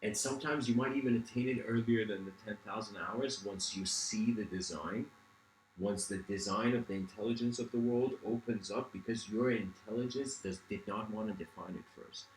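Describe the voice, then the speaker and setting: A man's voice: fairly low pitch, normal speed, reverberant, a little hiss or hum, low-quality recording. A man giving a reflective livestreamed lecture. He meanders, restarts often and says "you know" a lot.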